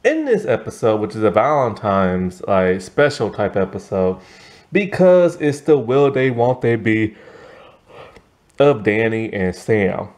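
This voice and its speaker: A man's voice: fairly low pitch, very animated, measured pace, darkish tone. A man casually reviewing a cartoon episode, rambling with lots of fillers and self-corrections, a little tired. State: tired, yawning. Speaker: show reviewer.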